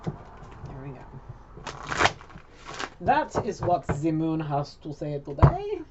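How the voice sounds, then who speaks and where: Low-voiced woman reading tarot, profane. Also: slow pace. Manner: excitable, profane, chatty. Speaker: tarot card reader. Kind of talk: casual spoken card reading. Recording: lo-fi with loud hiss.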